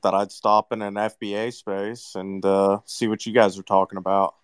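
Man caller, smooth clear voice, lowish, relaxed and hesitant. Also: normal speed, dry recording.

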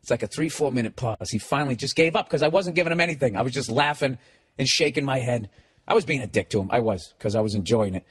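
Profane, animated man telling a comic story. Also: medium pitch, fast talker, breathy edge. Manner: animated, swearing constantly, mocking. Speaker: comedian and podcast host.

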